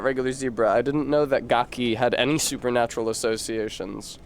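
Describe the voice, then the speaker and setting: A man's voice: medium pitch, steady tone, fairly quick, a little hiss or hum. A man streaming a game, rambling to chat and reading word origins aloud with casual swearing.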